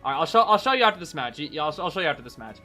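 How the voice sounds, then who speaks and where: Excitable male streamer, lively pitch. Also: rapid-fire, soft background music. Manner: excitable, keeps saying "bro", laughs often. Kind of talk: casual live-stream esports co-commentary.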